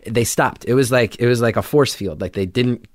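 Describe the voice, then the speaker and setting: A young adult man telling a story in casual chat, animated, jumping into loud high voices when he quotes people. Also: a little fast, no echo, clean studio sound.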